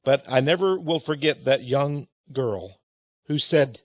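A man's voice: mid-range voice, expressive, unhurried, dry recording. A man preaching a sermon in a folksy, chuckling way, telling a personal story and calling his listeners his friends.

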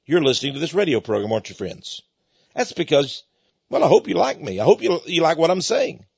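A man's voice: a little high, big pitch swings, brisk, vocal fry, darkish tone, husky, no room sound, muffled recording. A man preaching on a radio program in a folksy, plainspoken way, often chuckling as he talks. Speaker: radio minister.

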